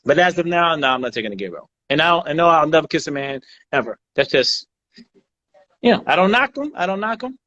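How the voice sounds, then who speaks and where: A man's voice: fairly high pitch, big pitch swings, fast, bright, forceful tone. A man, an actor and co-host, talking bluntly and emphatically in casual podcast chat, often repeating himself. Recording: dull lo-fi recording.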